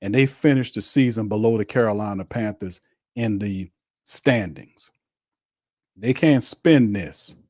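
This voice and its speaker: A man's voice: on the low side, measured pace, a little mellow, no echo, clean studio sound. A man hosting a sports show, delivering a heated, blunt rant on a live watch stream, repeating his points and mocking the other side. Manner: fiery, blunt and repetitive, with mocking asides.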